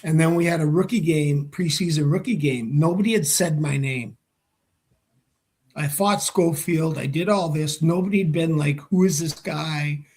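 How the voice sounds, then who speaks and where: A man with a slightly higher-than-usual voice spins a rowdy story in an interview. He acts out every line of dialogue and swears freely as he goes. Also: moderate pace, a little mellow. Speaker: former hockey player, guest.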